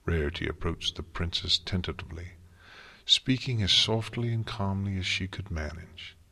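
A man reading a story aloud in a slow, measured narration style. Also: low-pitched, gravelly, pushed and bright. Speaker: audiobook narrator. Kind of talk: scripted fan fiction narration. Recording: long hall reverb.

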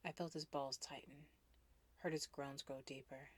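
A woman narrating a first-person erotic story in a breathy, hushed voice that often drops into a whisper, with sudden loud outbursts. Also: very deep voice, steady tone, a little slow.

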